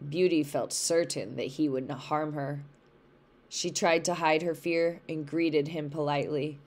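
Give me a woman teacher reading a story aloud slowly for a lesson, her voice a bit low. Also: fairly even intonation, a little mellow. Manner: slow, careful read-along pace.

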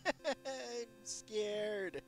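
A man's voice: high-pitched, drawn-out words, soft background music. A man streaming himself playing his own levels, yelping, screaming and laughing at each mishap. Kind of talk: let's-play reactions.

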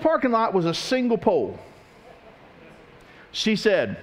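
A man's voice: high-pitched, unhurried. A pastor preaching a sermon, telling stories and asking his congregation questions. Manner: animated storytelling, questioning the congregation.

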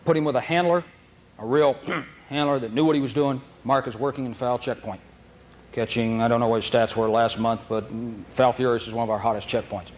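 A man leads a dog training seminar, mid-pitched and conversational. He tells anecdotes, laughs often and acts out dogs and handlers as he teaches. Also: steady tone, brisk, darkish tone. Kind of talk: seminar lecture.

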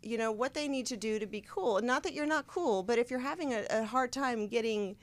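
A woman's voice: fairly high pitch, fairly quick, no room sound. A young woman hosting a casual chat show, rambling through stories and laughing often. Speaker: show host.

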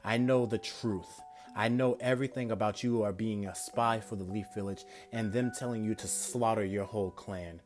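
A man voicing a confident young male ninja hero in a fan-made story, speaking low, slow and cocky. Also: steady tone, a little mellow, soft background music, lightly acted.

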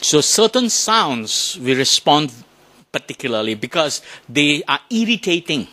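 A man giving a Buddhist dharma talk to an audience, animated, often asking questions and imitating sounds to make his points. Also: a little high, unhurried. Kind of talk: lively talk to a temple audience.

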